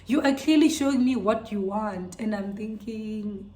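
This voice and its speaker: A young woman, telling a storytime vlog to her viewers in an animated, incredulous way. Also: mid-range voice, a little slow. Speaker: vlogger. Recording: echoey room.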